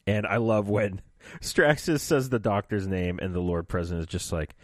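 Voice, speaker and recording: Podcast co-host: a man with a lowish voice, animated and quick to laugh, recorded dry and close. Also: dry recording. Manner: animated, laughs often, restarts sentences. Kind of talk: casual chat recapping an audio drama.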